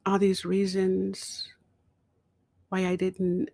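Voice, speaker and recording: Slow, gravelly woman telling her story. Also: medium pitch, monotone, mellow, no room sound. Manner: slow, reflective storytelling, dropping to a whisper at times. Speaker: podcast host. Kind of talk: personal testimony.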